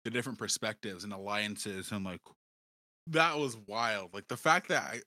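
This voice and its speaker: Low-pitched, bright male podcast co-host. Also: normal speed, dry recording. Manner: relaxed, slangy, laughs easily. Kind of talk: casual chat.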